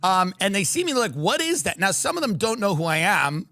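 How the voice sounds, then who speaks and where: A middle-aged New Yorker tells rambling, jokey stories on a casual live stream, launching into animated rants full of quoted impressions. His voice sits high and he talks briskly, with no room sound.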